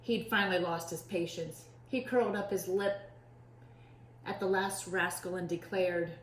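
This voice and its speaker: A woman teacher reading a storybook aloud to children with expressive storytelling. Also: fairly low pitch, a little slow, a little hiss or hum. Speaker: preschool teacher. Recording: echoey room.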